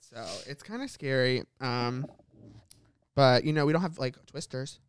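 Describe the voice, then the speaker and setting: A man's voice: mid-range voice, smooth. Easygoing young man, clean voice. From San Francisco Bay Area. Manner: easygoing, chimes in with quick reactions. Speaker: podcast co-host. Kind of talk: casual podcast chat.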